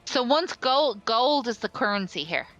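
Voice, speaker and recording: A woman's voice: a little high, animated, a bit bright, muffled recording, soft background music. A woman playing a stubborn young woman mage who argues back in a tabletop game. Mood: arguing. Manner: argumentative and quick to object.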